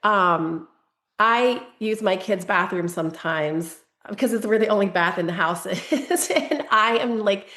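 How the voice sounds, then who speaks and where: A woman's voice: medium pitch, a little slow, pushed and bright. Candid woman guest in an echoey room. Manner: candid, storytelling, self-deprecating, laughing at herself. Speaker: parenting coach guest. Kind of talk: conversational interview, personal story.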